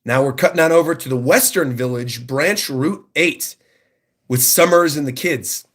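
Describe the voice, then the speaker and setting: A man livestreaming his reaction to a new manga chapter, reading panels aloud and gushing over the big moments. His voice sits a little high and has a husky edge, and he talks with eager, excited energy. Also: moderate pace. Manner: excited, enthusiastic commentary.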